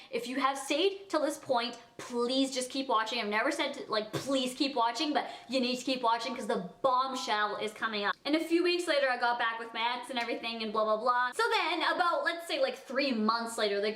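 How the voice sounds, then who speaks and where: A woman's voice: high-pitched, fairly bright tone. Chatty young woman in an echoey room. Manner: chatty, heavy use of "like", acts out dialogue. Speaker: vlogger telling a personal story. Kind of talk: casual storytime chat.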